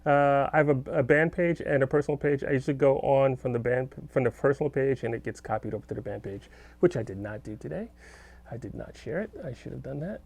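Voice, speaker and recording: A middle-aged man with a gravelly, creaky edge to his mid-pitched voice. He chats loosely on a live stream from his home studio, drifting from thought to thought as he answers viewer comments. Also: fast talker, a little mellow. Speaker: guitarist hosting a live stream. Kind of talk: casual live-stream chat.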